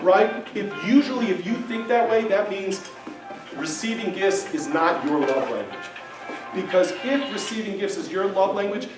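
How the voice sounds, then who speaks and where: A man giving a casual lecture to a class, talking in a conversational way and often checking in with his listeners. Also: sits high. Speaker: class teacher. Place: synagogue hall. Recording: echoey room, mic far off.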